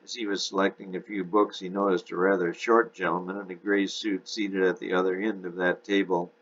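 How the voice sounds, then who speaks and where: A man's voice: sits low, flat delivery, brisk, fairly bright tone. A man steadily narrating an audiobook chapter in a dull lo-fi recording.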